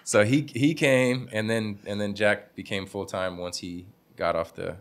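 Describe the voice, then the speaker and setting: A young man with a very low, deep voice tells stories from his barbershop in a relaxed interview. He talks loosely with slang, laughs easily and slips into the voices of people he quotes. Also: slow, a little hiss or hum. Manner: laid-back, laughing, slangy, acts out quotes. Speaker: barbershop owner, guest. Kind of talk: casual interview storytelling.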